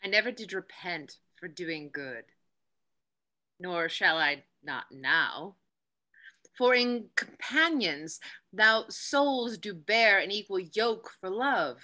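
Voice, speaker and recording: A woman reading a lively, resolute young noblewoman. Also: mid-range voice, slow. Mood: reflective. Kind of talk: unrehearsed play reading.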